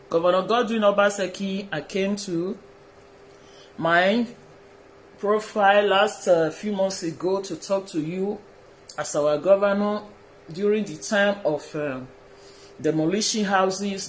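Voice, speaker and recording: A Nigerian man with a notably high-pitched voice records a pleading, deferential video message. He keeps repeating phrases and slides between pidgin and colloquial English. A faint hiss of background noise sits under his voice. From Edo State, Nigeria. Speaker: social media personality. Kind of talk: direct-address video message.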